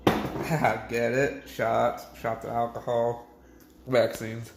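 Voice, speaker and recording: A man's voice: mid-range voice, little pitch movement, slow pace, creaky, background noise. A drunk young man rambling crudely to camera, swearing and laughing at his own jokes. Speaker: vlogger. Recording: echoey room.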